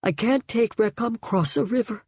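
A woman reading aloud, voicing a frightened young mother who speaks softly in whispers. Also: on the high side, expressive, normal speed, husky, no echo, voice pushed up. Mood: desperate. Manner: soft, whispering.

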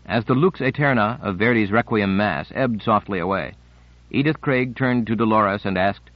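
A man giving scripted audiobook narration in a measured, unhurried reading. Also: on the low side, dry recording. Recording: dry, slightly muffled studio recording.

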